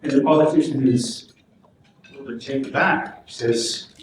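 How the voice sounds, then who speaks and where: A man's voice: medium pitch, normal speed, slight background noise. A middle-aged man from Alaska giving an earnest public speech at a political event, telling a joke before making his case. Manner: earnest, storytelling, emphatic. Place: hotel function room. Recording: echoey hotel hall, mic from far off.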